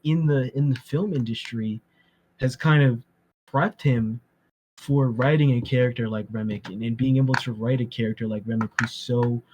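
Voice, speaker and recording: A man's voice: mid-range voice, fairly even intonation, moderate pace, a little mellow, slight background noise, poor audio. A man co-hosting a podcast, talking emphatically and profanely and repeating himself. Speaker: podcast co-host. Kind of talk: casual chat.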